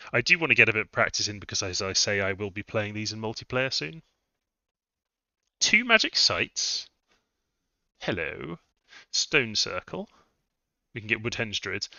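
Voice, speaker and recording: A man's voice: on the low side, bright, forceful tone, no echo. A man thinking aloud as he live-streams a strategy game, musing over his moves. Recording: dull lo-fi dry mic sound.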